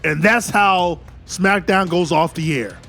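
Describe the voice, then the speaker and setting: Excitable high-voiced man calling wrestling. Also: takes it slowly, vocal fry, soft background music. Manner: excited play-by-play, calling pins and counts. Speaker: YouTube wrestling commentator. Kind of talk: retelling an imagined wrestling match.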